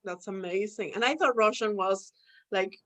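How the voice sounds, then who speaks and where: A woman's voice: medium pitch, normal speed, poor audio. Bubbly woman hosting a podcast. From Mexico. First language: Spanish. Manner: bubbly, chatty, giggly. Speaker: podcast host. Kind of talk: casual interview chat.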